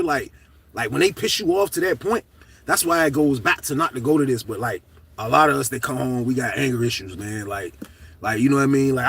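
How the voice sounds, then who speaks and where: Middle-aged man, loose profane storytelling vlog, husky bright voice, slightly distant mic. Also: medium pitch. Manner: animated, profane, shouts at peaks of the story. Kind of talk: casual storytelling to camera.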